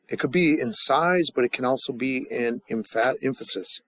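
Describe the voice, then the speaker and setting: A man gives a loose, joking grammar lesson, stumbling over words and restarting often. His voice sits in a middle pitch range. The sound is dry and close, with no room around it. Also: fairly bright tone, dry recording. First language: English. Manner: halting, many restarts and fillers, joking asides. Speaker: language teacher.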